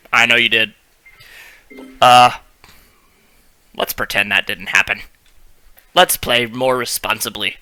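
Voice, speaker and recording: A man's voice: medium pitch, fairly even intonation, slow pace, long pauses, pushed and bright, clean tone, soft background music. A man hosting a let's-play, commentating on gameplay in a playful, jokey way and talking straight to viewers. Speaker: gaming host.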